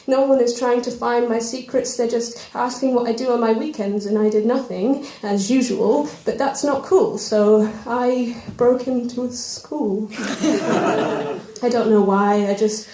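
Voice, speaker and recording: A young woman performs spoken word poetry at an open mic, her voice a touch high yet mellow in tone. She rolls through rhymes quickly, then breaks off into nervous, self-deprecating asides. The room around her rings with a roomy live echo. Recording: roomy live venue recording.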